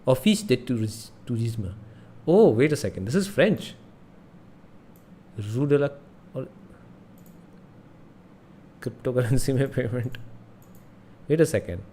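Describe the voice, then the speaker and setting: A man's voice: mid-range voice, expressive, a little slow, pauses often, mellow, a little hiss or hum. Man thinking aloud on stream. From India. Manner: thinks aloud, mutters, reads signs under his breath. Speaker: livestream host. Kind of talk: casual gaming livestream chat.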